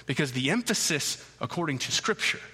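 A man preaching a sermon as pastor, emphatic and repeating key phrases with slow, deliberate stresses. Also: fairly high pitch, very animated, bright, forceful tone, slightly rough, in a large hall. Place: church sanctuary.

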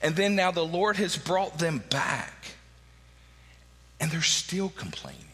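Preacher man, lively and bright. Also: a little high, slow pace. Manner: conversational preaching with frequent "right?" asides. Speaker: pastor. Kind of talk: sermon. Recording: long hall reverb.

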